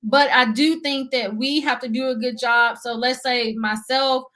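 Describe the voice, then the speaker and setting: A young adult woman with a high, slightly bright voice and fairly even intonation talks unhurriedly about budgeting as an interview show guest. The chat is casual and earnest, packed with fillers and "you see what I'm saying."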